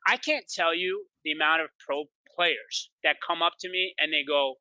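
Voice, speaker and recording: A man, a pro paintball player, chatting as a guest in an interview, telling boastful stories quickly and excitedly, with lots of "like". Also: a little high, dry recording, rough recording. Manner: rapid, excited storytelling with many "like"s; boastful, trash-talking attitude. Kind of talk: animated interview chat.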